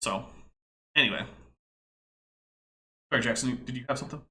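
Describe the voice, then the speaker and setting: A man's voice: medium pitch, normal speed, bright, forceful tone. A man hosting a casual commentary podcast, exasperated and nitpicking as he lectures about a video. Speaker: podcast host.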